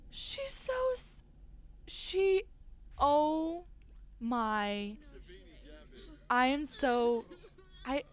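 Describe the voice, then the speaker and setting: High-voiced woman talking slow over her sims game, gets all gaspy and excited. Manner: excitable, gasping and squealing at game events. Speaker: gaming YouTuber. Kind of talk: casual let's-play commentary.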